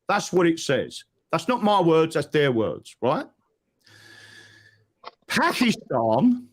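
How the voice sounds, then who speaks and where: A man, a guest in a live online talk, lecturing forcefully in a heated debate and tagging his points with "right?". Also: a little high.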